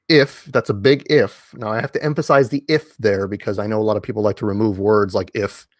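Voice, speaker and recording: A man's voice: medium pitch, dry recording. Emphatic man lecturing in a dry room. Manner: emphatic, repeats key words, frequent fillers and restarts. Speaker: online commentator. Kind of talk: casual lecture-style monologue. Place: indoors at home.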